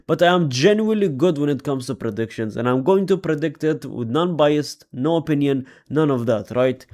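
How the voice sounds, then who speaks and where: A young man hosting a casual football predictions vlog, animated, repeatedly addressing his audience as ladies and gentlemen. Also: on the high side, normal speed. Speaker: football vlogger.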